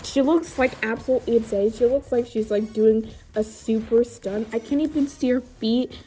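A woman reads aloud from a book she made as a child, breaking off into amused, incredulous remarks. Her voice sits fairly high but sounds mellow and soft-edged. She talks slowly, with faint music playing underneath. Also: steady tone. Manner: amused, mocking, incredulous asides. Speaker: video creator reading her own childhood book. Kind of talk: casual reading with commentary.

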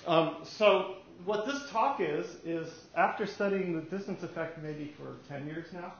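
A man in his sixties giving a technical lecture at a society meeting, with a halting, rambling delivery and wry humor. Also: high voice, creaky. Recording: very echoey, dull room recording.

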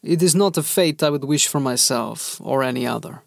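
A man's voice: medium pitch, moderate pace, vocal fry, dry recording, studio quality. A man playing a weary, skeptical male commander who speaks plainly and tersely.

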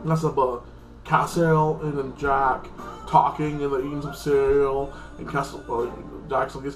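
A man's voice: medium pitch, flat delivery, unhurried, reverberant, music in the background, poor audio. A man hosting his own channel, recapping a TV episode in a casual, rambling way, full of fillers. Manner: rambling, heavy with fillers like "like" and "freaking". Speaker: channel host reviewing a TV episode.

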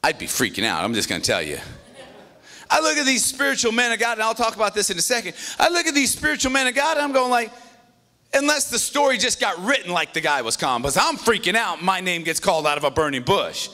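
A male pastor preaching a sermon in an animated, conversational way, with joking asides. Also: sits high, fast.

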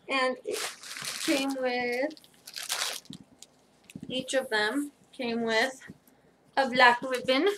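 A woman's voice: fairly high pitch, slight background noise. A young adult woman chatting casually in a try-on vlog, tired and a little rambling as she shows off her clothes. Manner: relaxed, rambling, thinking aloud. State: tired, yawning. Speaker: vlogger.

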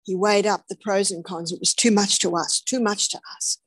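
A woman's voice: medium pitch, fairly even intonation, moderate pace, slightly rough, dry recording. A woman preaching a sermon, telling the story dramatically, dropping to whispers and then rising with emphasis. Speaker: health speaker preaching.

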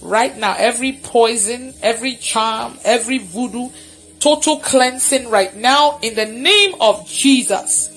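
Brief: woman, fervent prayer minister, commanding and repetitive, slightly high voice, faint music bed. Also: measured pace, a bit bright. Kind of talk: live deliverance prayer, prophetic declarations.

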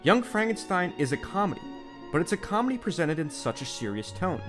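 A man's voice: high voice, sing-song, brisk. A man narrating a scripted video essay in an earnest, opinionated way. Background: background music.

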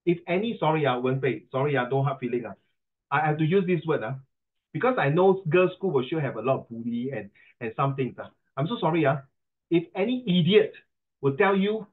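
Chatty Singaporean tutor, middle-aged man, higher pitched, heard through a thin call connection. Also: lively intonation, a little fast. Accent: Singaporean English. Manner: chatty, teasing, mixes in Mandarin. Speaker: English pronunciation tutor. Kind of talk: online class coaching. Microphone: video call. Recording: tinny video call line.

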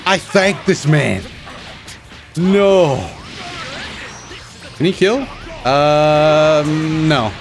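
A man with a slightly raised voice talks through his own fighting-game matches, groaning at his mistakes and cheering his comebacks. Loud game music plays behind him the whole time. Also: a little high, drawn-out words, long pauses. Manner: excitable, groaning and self-mocking as he plays. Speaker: gaming channel host. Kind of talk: live gameplay commentary. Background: game music and sound effects.

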